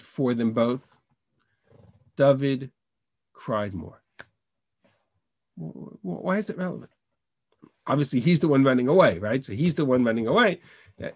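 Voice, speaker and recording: A man's voice: mid-range voice, dry recording. A man teaching a Bible class over a video call, reading verses in Hebrew and translating them with frequent restarts. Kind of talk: online text study lesson.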